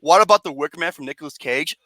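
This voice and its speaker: In a fast, profane comedic rant, a movie review host mocks a film sarcastically, swearing, laughing often and staying animated. Their voice sits in the mid range. There is no echo.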